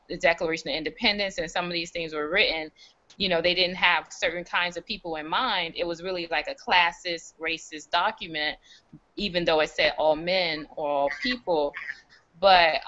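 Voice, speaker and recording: A woman speaking as a guest on an online panel, thoughtful and measured, with frequent ums. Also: on the low side, fairly even intonation, sharp tone. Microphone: remote call audio. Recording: dull lo-fi call audio.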